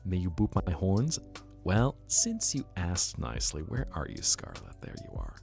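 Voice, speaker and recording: A man's voice: low-pitched, huge pitch swings, moderate pace, creaky, darkish tone, soft background music. A man streaming live, chatting casually with his viewers in a playful, teasing way. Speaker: VTuber streamer.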